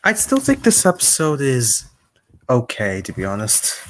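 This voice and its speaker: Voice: medium pitch, wildly swooping pitch, measured pace, a little hiss or hum. A young co-host in a casual stream chat, mostly agreeing in short replies and adding opinions. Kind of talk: casual chat about a cartoon series.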